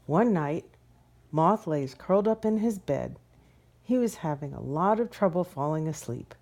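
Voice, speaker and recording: A woman reading a children's picture book aloud as a storyteller, gentle and expressive. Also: low-pitched, a little slow.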